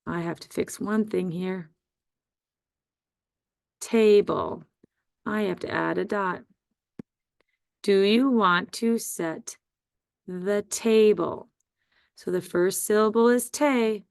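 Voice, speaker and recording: Speaking in a smooth, clear, mid-range voice, a woman teacher guides a phonics lesson at an unhurried pace. She draws out each word and sound with deliberate care, and the close, dry recording carries no room sound at all.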